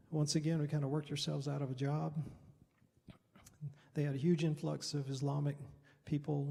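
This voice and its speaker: A man's voice: fairly high pitch, gravelly, mellow. A middle-aged man, a Baptist pastor, telling a mission story at a Bible study in a loose, rambling, conversational way. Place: church hall. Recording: reverberant hall.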